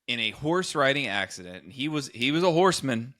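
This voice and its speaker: Animated storytelling man, bright voice. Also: medium pitch, fairly quick. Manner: animated storyteller, acts out quotes. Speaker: podcast host. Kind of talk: casual chat, storytelling.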